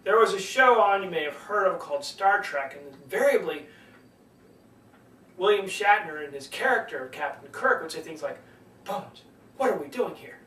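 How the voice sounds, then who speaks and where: A man coaching public speaking, swinging between loud and soft delivery to demonstrate, in an echoey room away from the mic. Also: high voice, lively intonation, normal speed, far from the mic, a little hiss or hum. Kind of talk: teaching lesson.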